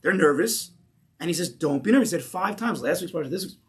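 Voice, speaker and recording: Animated man teaching a Torah class. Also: sits high, quick pace. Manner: animated, asks the class questions. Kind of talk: lecture to a class.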